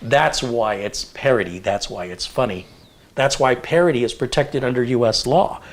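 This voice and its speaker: A man in his fifties hosting a casual live chat, telling stories in an animated, rambling way with lots of fillers. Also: medium pitch, normal speed. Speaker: host.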